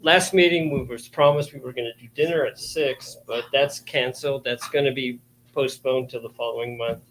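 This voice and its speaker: A man's voice: mid-range voice, fairly even intonation, a bit bright, a little hiss or hum, low-quality recording. Plainspoken man making announcements. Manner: plainspoken, halting, with fillers. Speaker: committee member. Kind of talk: casual announcements.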